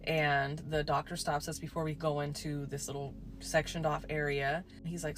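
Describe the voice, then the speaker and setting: A woman's voice: low-pitched, little pitch movement, normal speed, few pauses, soft background music. A woman telling a true ghost story in a casual, chatty way, full of "like" and swearing.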